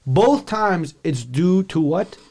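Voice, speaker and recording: A man co-hosting a podcast, telling a story in a loose, animated way, with restarts and swearing. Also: on the high side, takes it slowly, gravelly. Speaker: podcast co-host. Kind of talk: casual chat.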